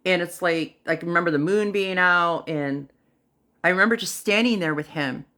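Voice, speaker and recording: A woman with a somewhat low voice retells a personal story on a livestream. She talks in a loose, unhurried way, with fillers and pauses, and she acts out what other people said. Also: bright, forceful tone. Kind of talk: casual first-person storytelling.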